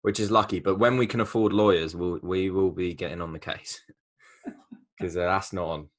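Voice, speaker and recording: A man's voice: deep voice, steady tone, normal speed. A man who grew up speaking Danish, co-hosting a casual football podcast in English, laid-back with dry humour. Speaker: podcast co-host. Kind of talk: casual chat.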